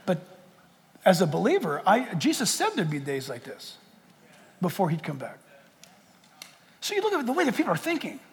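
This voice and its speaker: Male pastor, high and animated, jokey yet fervent preaching; reverberant church sanctuary. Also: moderate pace, gravelly, pauses often. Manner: impassioned, jokey, rhetorical questions. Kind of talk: sermon. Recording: long church hall reverb.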